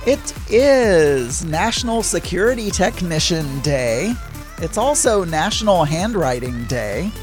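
A man's voice: fairly high pitch, big pitch swings, slow, faint music behind. A middle-aged man hosting his own daily podcast, chatting casually and rambling with self-deprecating asides. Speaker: podcast host.

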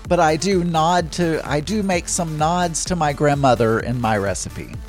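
A man's voice: on the high side, unhurried, faint music behind. A man from Arkansas hosting a casual solo podcast, reading listener messages aloud in a chatty, self-deprecating way. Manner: chatty and self-deprecating, with frequent laughs and restarts. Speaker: podcast host.

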